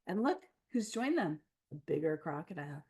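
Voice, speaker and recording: A woman author reading her picture book aloud to children, animated and expressive, gasping and laughing along. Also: deep voice, moderate pace, breathy edge.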